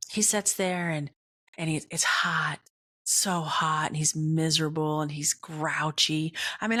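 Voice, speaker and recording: Animated woman host telling a candid story. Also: low voice. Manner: animated, confiding, frequent "right?" check-ins; blunt, swears casually. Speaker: podcast host.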